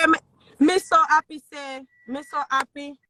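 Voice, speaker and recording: A woman's voice: high-pitched, fairly even intonation, normal speed, sharp tone, slight background noise. A Jamaican woman, a fan calling into a live stream on her phone, gushing and pleading and repeating herself.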